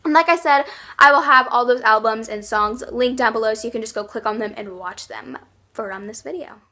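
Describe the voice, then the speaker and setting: A woman's voice: fairly high pitch, brisk, bright, forceful tone. A young woman chatting casually in a vlog, gushing about her favorites with lots of likes and ums. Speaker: YouTube vlogger.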